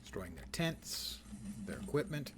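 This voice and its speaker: Streamer, male, mid-pitched and lively, dry jokes between play-by-play. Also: unhurried, background noise. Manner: wry, joking asides. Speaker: game streamer. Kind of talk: casual live-stream commentary.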